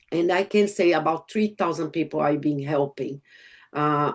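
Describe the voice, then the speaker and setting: Brazilian woman gushing about her business on a video call, kinda low voice, broken english. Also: a little mellow. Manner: enthusiastic, emotional, non-native grammar. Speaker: network marketer giving a testimonial. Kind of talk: online group call testimonial.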